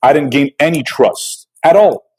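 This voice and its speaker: A man's voice: fairly high pitch, expressive, moderate pace, darkish tone, husky, low-quality recording. A man hosting a podcast interview, talking things through in a conversational, questioning way with many fillers. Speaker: podcast host.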